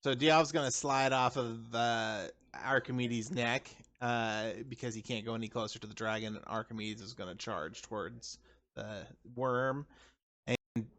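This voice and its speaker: A man's voice: mid-range voice, fairly even intonation, a bit bright. Man narrating his character's moves. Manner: descriptive, with filler pauses. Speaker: player. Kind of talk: describing his character's actions.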